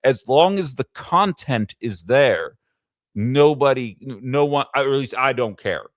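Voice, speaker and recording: A man's voice: medium pitch, animated, measured pace, no room sound, studio quality. A man hosting a casual political livestream, talking in a rambling way with fillers and asides to his chat. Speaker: livestream political show host.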